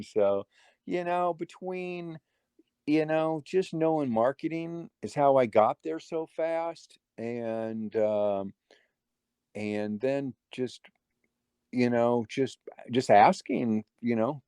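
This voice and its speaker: Mellow-voiced man telling stories in a rambling way. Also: medium pitch, takes it slowly, clean tone, no echo. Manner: rambling, with many restarts and quoted dialogue. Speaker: guest magician. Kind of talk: casual interview storytelling.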